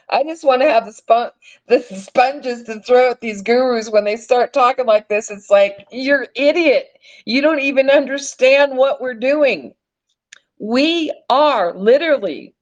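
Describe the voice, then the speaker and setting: An online presenter delivers an animated teaching monologue, speaking emphatically, addressing listeners as "folks" and swearing casually. Her voice is fairly high, and the sound is lo-fi.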